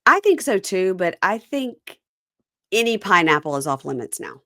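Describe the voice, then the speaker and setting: A middle-aged woman hosting a casual chat that recaps a reality show, talking fast and acting out the cast's lines in quick voices. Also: mid-range voice, very animated, sharp tone, no echo, clean studio sound. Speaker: podcast host.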